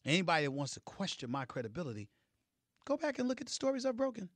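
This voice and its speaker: A middle-aged man giving heated sports commentary, emphatic, swinging between loud declarations and low, intense remarks. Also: huge pitch swings, rapid-fire, no room sound.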